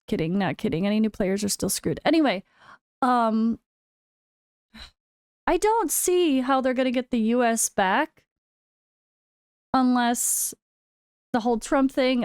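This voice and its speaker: A woman's voice: a little high, a little slow, long pauses, darkish tone, clear, resonant tone, no echo, clean studio sound. An American woman, a full-time gaming content creator, talking candidly to her viewers in a casual vlog, with wry sarcastic asides. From United States. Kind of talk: casual chat.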